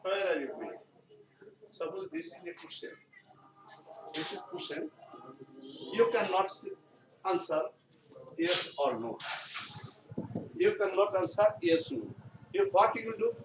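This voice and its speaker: A male teacher with a Bangladeshi English accent giving a classroom grammar lesson, speaking slowly and repeating his phrases. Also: sits high, animated. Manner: slow, repetitive explaining, often restating phrases. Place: school classroom. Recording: echoey room, far mic, noisy background.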